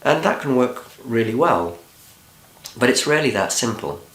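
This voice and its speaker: A man who works as a therapist, giving a calm, measured talk that opens with a story. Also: mid-range voice. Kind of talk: scripted talk. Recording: roomy echo.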